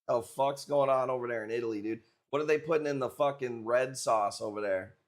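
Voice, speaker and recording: A man's voice: medium pitch, animated, brisk, hardly any pauses. A man streaming live, chatting casually with viewers and joking in a brash, profane way.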